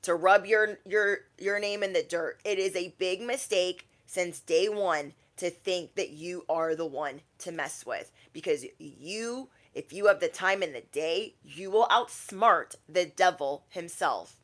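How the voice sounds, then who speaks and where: A woman's voice: fairly low pitch, measured pace, hardly any pauses, fairly bright tone. A young adult woman, a tarot reader, talking casually on a livestream and acting out quoted people in shifting voices.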